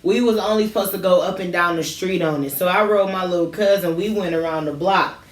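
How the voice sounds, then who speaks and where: A woman's voice: on the low side, brisk. Woman telling stories in a roomy space. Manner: animated storytelling, heavy slang. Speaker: co-host. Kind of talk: casual chat. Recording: roomy, distant from the mic.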